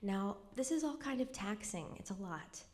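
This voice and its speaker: A woman's voice: mid-range voice, lively intonation, moderate pace, a little mellow. A young woman telling a true personal story live on stage at a cultural center, in a wry conversational way that drops to a near whisper at somber moments.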